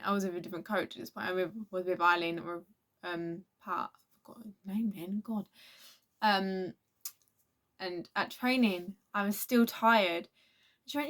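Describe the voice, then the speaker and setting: A teenage girl talks through a casual storytime vlog. She rambles, restarts sentences and acts out quotes from others, at an everyday middle pitch. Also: fairly bright tone. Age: teens. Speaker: vlogger.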